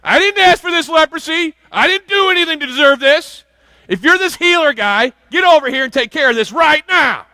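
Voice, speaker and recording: A man voicing an entitled male leper who shouts his demands at a healer in a high, indignant voice. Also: expressive, fairly quick, no echo, heavily acted.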